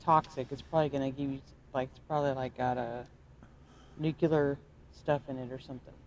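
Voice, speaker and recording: A woman's voice: extremely low pitch, fairly even intonation, brisk, a little mellow. A woman co-hosting a casual livestream who giggles often. She reads out viewer comments in a loose, chatty way. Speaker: livestream co-host reading chat.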